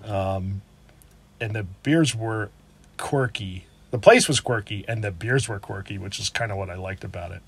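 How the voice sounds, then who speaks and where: A man's voice: lowish voice, normal speed, fairly bright tone, husky. A man co-hosting a brewery review, chatting in a laid-back way and laughing often as he talks. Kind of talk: casual chat.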